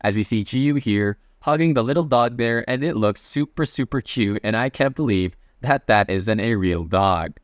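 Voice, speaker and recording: A man recaps a comic in a casual, chatty way, reading the characters' lines in his plain voice and adding asides. His voice is mid-range, at normal speed with few pauses, in a dry recording.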